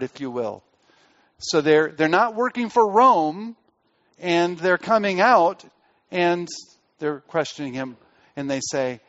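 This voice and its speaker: A man preaching a sermon in an earnest way. He drops soft on key phrases and rises to press a point. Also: high-pitched, highs cut off. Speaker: pastor.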